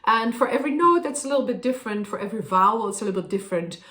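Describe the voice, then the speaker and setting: A woman's voice: a little high, expressive, racing, fairly bright tone. A woman opera singer thoughtfully explaining how she prepares a role, with frequent fillers. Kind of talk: explaining her craft to camera. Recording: roomy echo.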